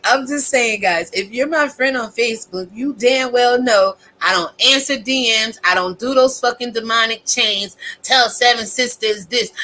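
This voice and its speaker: A woman's voice: on the high side, pushed and bright, poor audio. A woman content creator ranting casually to her viewers, blunt, profane and preachy.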